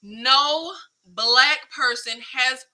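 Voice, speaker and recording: A woman hosting a film talk show in casual chat, animated and slangy. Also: high voice, extremely slow, poor audio. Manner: animated, slangy, emphatic, laughs often. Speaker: film podcast host.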